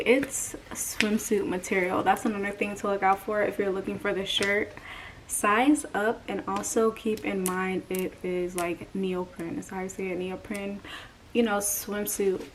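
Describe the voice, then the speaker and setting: A young woman chatting casually through a try-on haul, out of breath and slipping into whispers. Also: medium pitch. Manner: chatty, filler-heavy, drifts into whispers. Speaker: vlogger. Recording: distant mic with clear background noise.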